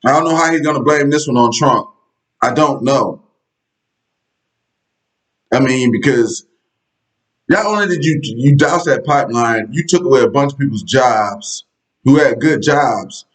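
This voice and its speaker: Talking straight to his audience, this male political vlogger delivers a conversational rant that's blunt, sarcastic and full of profanity. He has a mid-range voice, speaks a little slowly with frequent pauses, and the audio quality is rough.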